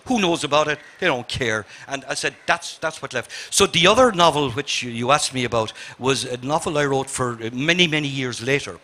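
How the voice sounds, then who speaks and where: Older irish guy, bright sharp voice, earnest, keeps restarting his sentences. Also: medium pitch, animated. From Ireland. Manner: earnest, halting with many restarts. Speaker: novelist on a festival panel. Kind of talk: reflective festival conversation.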